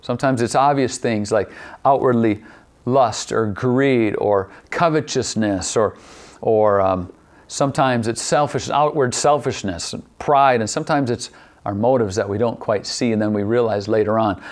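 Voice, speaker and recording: A man preaching a sermon as pastor, repeating key phrases and asking the same question again and again, slowing down to stretch out certain words. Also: mid-range voice. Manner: poses repeated rhetorical questions; shifts pace, drawing some words out.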